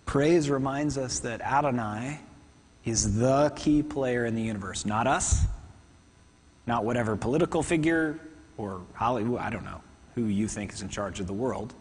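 A man preaching a sermon to a congregation, talking fast and conversationally with asides. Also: mid-range voice, big-room sound, a little hiss or hum. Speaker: pastor. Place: church hall.

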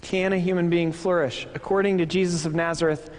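A man's voice: high voice, little pitch movement, a little fast. A man in his thirties with a Midwestern accent, preaching a sermon in an earnest, conversational way and asking the congregation questions. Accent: Midwestern American. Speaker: pastor. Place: church hall. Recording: long reverb of a church hall.

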